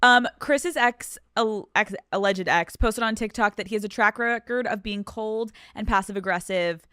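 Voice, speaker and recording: Playful, smooth-voiced woman podcast host. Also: mid-range voice, normal speed, fairly bright tone, dry recording, clean studio sound. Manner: playful, profane, recaps scenes with teasing questions. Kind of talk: casual interview.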